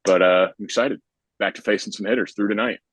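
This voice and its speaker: Young male pitcher, deep low voice, dry close sound, easygoing rambling podcast talk. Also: quick pace, no room sound. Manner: relaxed, rambling, heavy on filler words. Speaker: professional baseball pitcher. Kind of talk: casual podcast chat.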